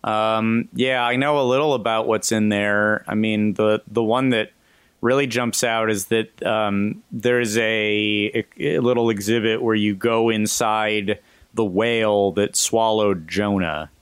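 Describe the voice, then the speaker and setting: A man's voice: lowish voice, steady tone, measured pace, clean tone, dry recording. A man co-hosting a casual comedy podcast over a video call, rambling and laughing through jokey asides. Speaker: podcast co-host.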